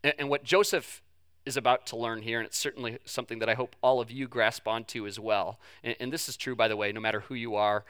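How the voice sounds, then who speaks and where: A man preaching to his church, telling a personal story with lively swings in pitch and a softer, hushed tone for the tender moments. His voice is bright and smooth, with a crisp, resonant edge. The recording is dry and close, with little room sound. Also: fast talker, no echo. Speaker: pastor. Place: church sanctuary.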